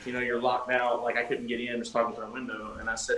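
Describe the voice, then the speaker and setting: A man's voice: medium pitch, steady tone, quick pace, a bit bright. A man casually telling a long story on a livestream, swearing freely and acting out what people said. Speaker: guest musician. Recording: echoey room with faint ambient noise.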